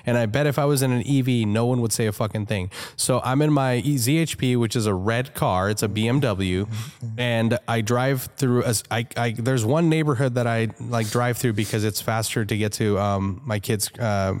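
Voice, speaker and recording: A man's voice: mid-range voice, moderate pace, clear, resonant tone. A man co-hosting a podcast, telling a story in loose casual chat, full of fillers and swearing. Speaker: podcast co-host, moderator.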